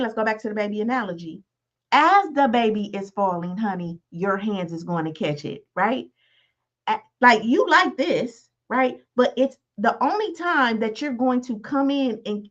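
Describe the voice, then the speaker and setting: A woman's voice: a little high, dull audio. A woman in her thirties giving a casual, conversational motivational talk as host, often checking in with "right?" as she goes. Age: 30s. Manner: conversational, repeats "right?" to the listener. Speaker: podcast host.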